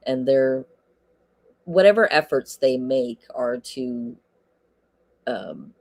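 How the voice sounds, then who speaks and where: A man's voice: mid-range voice, big pitch swings, takes it slowly, creaky, no echo. A man giving casual livestream commentary, hesitant and cynical, with many ums and restarts.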